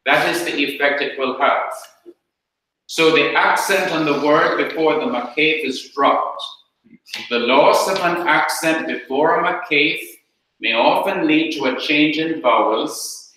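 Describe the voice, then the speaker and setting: A man with a Jamaican accent teaching Hebrew grammar in a slow, deliberate classroom lecture, repeating his points. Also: a little high, sharp tone, slight background noise. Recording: very echoey room.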